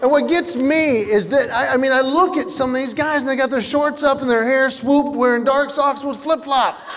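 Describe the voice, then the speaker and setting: A man performing stand-up comedy, telling animated stories and acting out what other people said. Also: very high voice, normal speed, a crowd in the background. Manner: animated storytelling, acts out other people's lines. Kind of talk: stand-up comedy to a live audience. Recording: hall reverb with faint noise.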